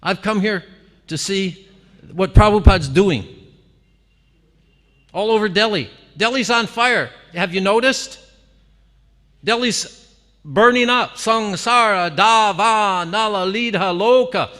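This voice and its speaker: A man with a fairly high, bright, forceful voice delivers an animated devotional talk to a gathering. He speaks with lively exclamations and easy laughter. His words ring out with a long reverb in a temple hall. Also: slow, long pauses.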